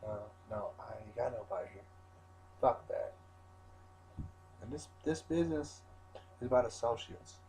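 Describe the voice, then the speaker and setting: A man's voice: mid-range voice, animated, moderate pace, vocal fry, long pauses, darkish tone, slight background noise, low-quality recording. A wrestler in a rambling, defiant interview rant, swearing constantly and restarting his sentences.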